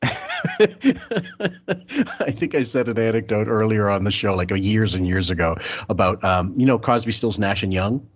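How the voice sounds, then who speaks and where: A man co-host on a casual podcast who tells a rambling story and keeps restarting. His voice is lowish and a bit husky. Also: expressive, measured pace. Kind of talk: casual podcast chat and anecdote.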